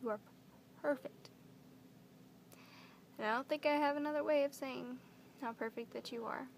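Young female vlogger, gushing and emotional, a touch high-pitched, gravelly fry, faint room hiss. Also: steady tone, moderate pace. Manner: gushing, emotional, repeats words. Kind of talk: earnest direct-to-camera vlog.

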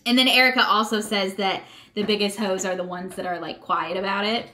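A young woman chats through a reality show recap with a bright, clear tone. She talks loosely and gossipy, stringing thoughts together with lots of fillers. She sounds like she is speaking straight into a close mic at home. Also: medium pitch, fairly quick. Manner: gossipy, animated, many "like" and "um" fillers. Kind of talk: casual chatty recap.

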